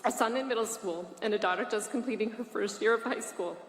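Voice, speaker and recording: A woman's voice: mid-range voice, brisk. An earnest woman in her forties reads a formal, emotional statement to a legislative committee. Her voice sits in the middle range. The sound carries a long hall echo with a faint hiss underneath. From Massachusetts, USA. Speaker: parent testifying at a public hearing. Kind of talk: reading prepared testimony. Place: large state legislative hearing room. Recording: echoey hall from mid distance, faint hiss.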